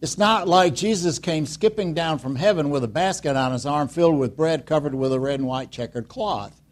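A man preaching a sermon in a lively, conversational way, full of rhetorical questions and quiet, pointed emphasis. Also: on the high side, moderate pace. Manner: conversational, acts out voices of listeners and Jesus. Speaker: pastor.

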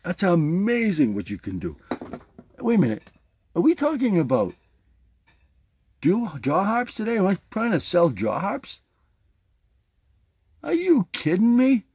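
A man's voice: high-pitched, wildly swooping pitch, measured pace, pauses often, darkish tone, breathy edge, dry recording, dull audio. A man hosting his own podcast, talking casually and playfully while demonstrating a jaw harp with a motivational message. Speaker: podcast host. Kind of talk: casual motivational vlog talk.

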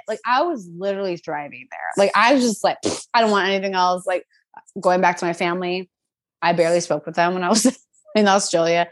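A woman's voice: fairly low pitch, fairly quick, no room sound. Chatty young woman telling a story, lots of likes and ums, dry close sound. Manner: animated and chatty, lots of fillers. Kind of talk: casual storytelling chat.

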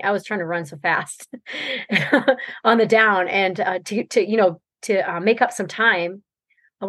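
In a casual interview on a podcast, a woman guest rambles through the story of a race, laughing often and using lots of fillers. Her mid-range voice has a fairly bright tone, with no echo in the recording.

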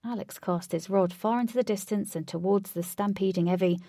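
A woman's voice: mid-range voice, a little fast, mellow, no room sound. Woman narrating a storybook, dry and close.

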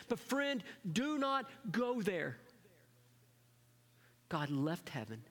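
A man preaching a sermon as pastor, shifting between lively emphasis and soft, hushed moments. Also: fairly high pitch, very slow, long pauses. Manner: dynamic preaching, drops to soft whispers for emphasis. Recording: long hall reverb.

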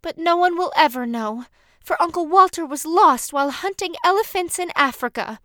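A woman's voice: sits high, big pitch swings, normal speed, a bit bright, no echo, clean studio sound, pitched above the performer's own voice. A woman voicing an anxious, earnest young girl who pleads and explains in a storybook reading. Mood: distressed.

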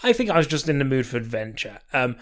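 Male podcast co-host, mid-range voice, relaxed, laughs a lot, loose filler-heavy chat. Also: mid-range voice. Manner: easygoing and quick to laugh, many "um"s. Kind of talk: casual film-review chat.

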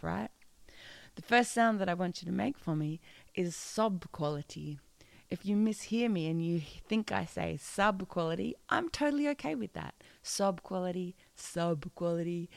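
A woman's voice: low-pitched, creaky, a little mellow, no echo. A playful, encouraging woman teaching a singing lesson and demonstrating odd vocal sounds.

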